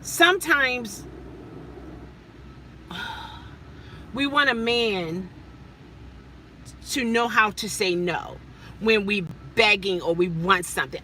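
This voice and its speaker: A woman talking casually in a parked car, telling stories in an animated, chatty way with plenty of fillers. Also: medium pitch, takes it slowly, pauses often, a little hiss or hum. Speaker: rideshare driver and vlogger. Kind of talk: casual chat.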